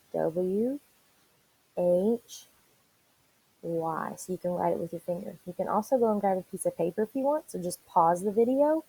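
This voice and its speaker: Gravelly husky woman teaching young kids. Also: on the low side, mellow, rough recording. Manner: encouraging, slow and deliberate spelling aloud. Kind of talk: online reading lesson for young children.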